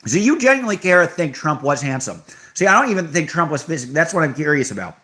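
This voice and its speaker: Lively, offhand young man streaming live. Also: a little high, fast talker. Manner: offhand, sarcastic, reacts to chat comments. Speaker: livestream host reading chat. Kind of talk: casual livestream chat.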